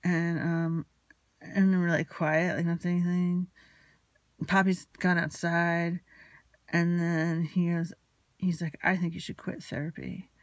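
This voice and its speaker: A woman's voice: on the low side, little pitch movement, a little slow, no echo. A woman telling a personal story in an anxious, rambling, confessional way, still emotionally shaken. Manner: anxious, rambling, retelling a quarrel with quoted dialogue. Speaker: vlogger.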